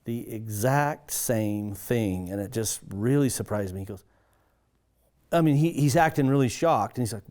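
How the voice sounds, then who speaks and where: An earnest man of middle pitch telling a personal testimony, stumbling and restarting as he searches for words. His voice lifts and livens whenever he acts out what someone else said. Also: darkish tone. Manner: earnest, halting, with many restarts. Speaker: pastor.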